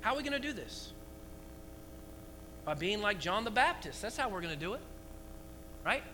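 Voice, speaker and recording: A man preaching a lively sermon to his church, asking the congregation rhetorical questions. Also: high-pitched, moderate pace, noisy background. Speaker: pastor.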